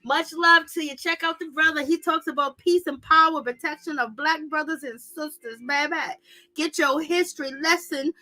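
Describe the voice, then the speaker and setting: A woman recapping a reality show in casual, slangy talk, animated and gossipy, laughing often. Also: high voice, normal speed. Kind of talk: casual commentary.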